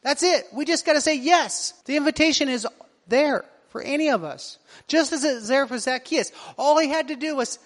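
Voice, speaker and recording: A man's voice: very high-pitched, normal speed. A man preaching a sermon as pastor, asking his congregation question after question. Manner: asks the congregation rhetorical questions. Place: church hall. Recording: long reverb of a church hall.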